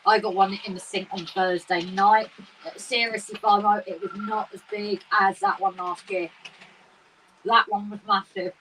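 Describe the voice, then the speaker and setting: A chatty, excitable woman co-hosting a casual livestream, her voice sitting a little back from the microphone. Faint room noise hums behind her as she talks. She laughs often and jumps between topics. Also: medium pitch, moderate pace. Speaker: livestream co-host. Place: garden shed with model railway. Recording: slightly distant mic with faint room noise.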